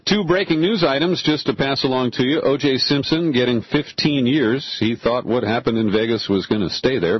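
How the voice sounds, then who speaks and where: Male talk radio host, husky voice, opinionated and sarcastic, lo-fi broadcast sound. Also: on the low side, no room sound. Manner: opinionated, sarcastic, lively delivery. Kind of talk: radio talk show monologue.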